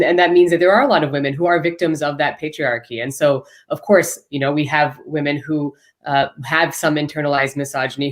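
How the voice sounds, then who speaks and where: Earnest woman making a long argument. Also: deep voice. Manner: earnest, articulate, speaks in long building arguments. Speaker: panel guest. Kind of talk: live panel discussion.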